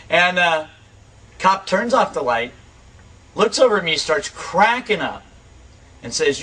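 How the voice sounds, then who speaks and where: A man spins a casual, lively tale in quick bursts, chuckling as he goes. His voice is bright and slightly high. He sits a little back from the microphone. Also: slightly rough, distant mic, poor audio. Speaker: storyteller on a recovery radio show. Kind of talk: casual spoken anecdote.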